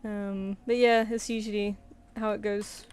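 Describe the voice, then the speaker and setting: A woman's voice: mid-range voice, little pitch movement, unhurried, darkish tone, clear, resonant tone. Woman, rambling casual stream chat, laughs a lot, faint music behind. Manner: chatty, rambling, laughs easily, talks to viewers and her cat. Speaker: streaming artist. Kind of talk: casual chat while drawing.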